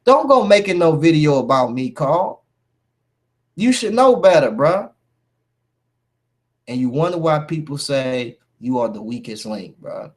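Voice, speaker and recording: A man's voice: a little high, animated, unhurried, pauses often. A man calling out a rival in a heated vlog rant, emphatic and confrontational, with "man" and "bruh" as constant fillers. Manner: confrontational, addresses a rival directly. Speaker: YouTube commentator. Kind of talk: heated call-out rant to camera.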